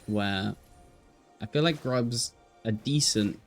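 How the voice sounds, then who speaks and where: A man casting a live esports match, chatting to the stream chat between plays and shouting when fights break out, tired and yawning. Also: lowish voice, takes it slowly, faint music behind. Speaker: esports caster. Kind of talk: live play-by-play commentary.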